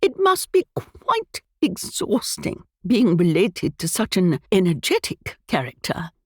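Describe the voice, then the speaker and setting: A woman's voice: medium pitch, huge pitch swings, unhurried, a little mellow, husky, no room sound, exaggerated voice. A woman voicing an elderly aristocratic aunt with a dry, cutting wit, in an audiobook. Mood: tart, dry.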